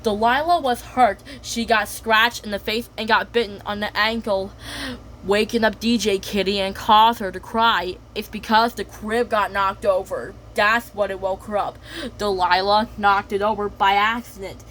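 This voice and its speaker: A woman narrating an improvised story in a rambling, run-on way. She links event after event with "and then" at a middle pitch. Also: fairly even intonation, normal speed, a bit bright, slight background noise.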